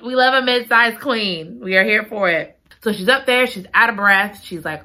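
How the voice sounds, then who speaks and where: A woman chatting through a book recap with a bright, forward voice. She gushes and giggles as she talks and piles up repeated exclamations. Her tone stays casual and conversational. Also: mid-range voice, moderate pace. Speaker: book reviewer.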